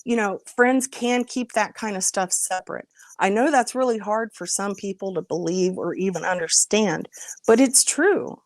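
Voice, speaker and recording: A woman's voice: medium pitch, steady tone, moderate pace, few pauses, no echo. Frustrated woman chatting on a livestream. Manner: earnest, frustrated, greets chat viewers by name. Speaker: livestream host. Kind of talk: casual livestream chat.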